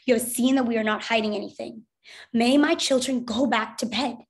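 A woman reading as a hushed, protective mother. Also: a little high, big pitch swings, moderate pace. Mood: pleading. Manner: quiet, hushed and pleading. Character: calm, protective mother speaking softly.

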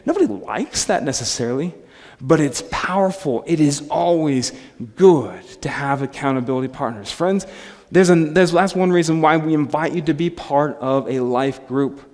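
A man's voice: fairly high pitch, expressive, moderate pace, a little mellow. A man in his thirties, a pastor preaching a sermon in a conversational, self-deprecating way with frequent asides. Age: 30s. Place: church sanctuary. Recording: long hall reverb.

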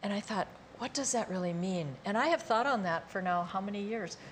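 A woman's voice: mid-range voice, expressive, fairly quick, slight background noise. A woman co-hosting a casual chat, reflective and close to tears as she speaks. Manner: reflective, grows emotional telling a story. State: tearful. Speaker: co-host.

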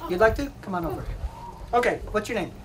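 Man, high-voiced presenter teasing schoolkids, laughs a lot; distant mic. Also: fast, noisy background. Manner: teasing, jokey, laughs often. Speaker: museum presenter. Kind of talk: playful classroom demonstration for children. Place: school room with children.

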